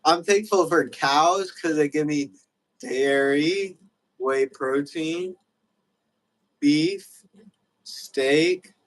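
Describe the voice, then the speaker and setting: A young man rambles through a casual livestream chat, loose and jokey, filling his thoughts with "like". His voice sits a bit high, and he talks at an unhurried, slow pace. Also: very animated, low-quality recording. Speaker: livestream host.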